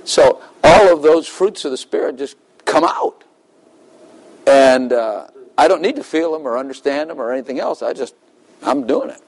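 A man's voice: a little high, big pitch swings, moderate pace, low-quality recording. A middle-aged man giving a conversational sermon, laughing often and acting out little dialogues with God. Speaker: preacher.

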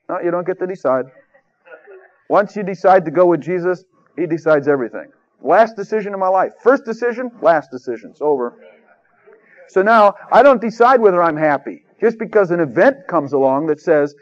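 Male radio preacher, casual emphatic delivery, somewhat high voice, muffled broadcast sound. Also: lively intonation, normal speed. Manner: folksy, conversational, emphatic preaching. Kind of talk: radio sermon. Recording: dull lo-fi radio recording.

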